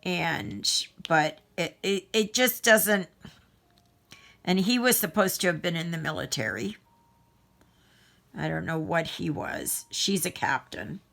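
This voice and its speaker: Slow, bright-voiced chatty woman. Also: fairly low pitch, lively intonation, vocal fry. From Canada. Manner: rambling, self-interrupting, chatty. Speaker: craft vlogger. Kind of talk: casual chat while crafting.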